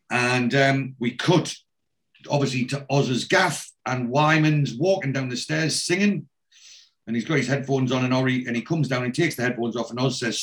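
A man's voice: medium pitch, moderate pace. A man chattily retelling a TV episode for a podcast, acting out the lines he quotes.

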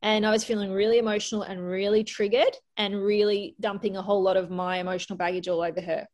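A woman guest on a podcast, telling a personal story in a candid, lively way and often laughing. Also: medium pitch, fast talker. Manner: candid, animated, laughs often, acts out quotes. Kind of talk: casual storytelling.

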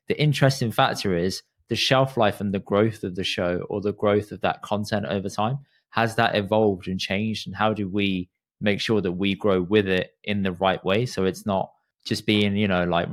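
A man hosting a podcast, talking in long, reflective run-on thoughts in a casual chat. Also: on the low side. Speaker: podcast host.

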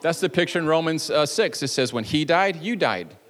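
A man's voice: on the high side, animated, brisk, fairly bright tone, long reverb tail. A male pastor preaching a sermon in a church, telling a story with jokey asides and playful energy. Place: church sanctuary.

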